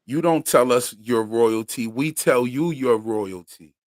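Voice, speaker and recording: A man's voice: mid-range voice, a little slow, darkish tone, no echo, clean studio sound. A man co-hosting a live stream, chatting casually about a TV episode, laughing often and swearing freely. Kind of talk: casual chat reviewing a TV episode.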